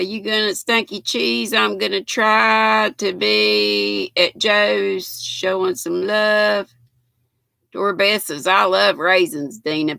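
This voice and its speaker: An older woman with a Southern US accent, a little hoarse, hosting a chatty live stream and reading out viewer comments. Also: mid-range voice, sharp tone, no echo. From United States. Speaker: host.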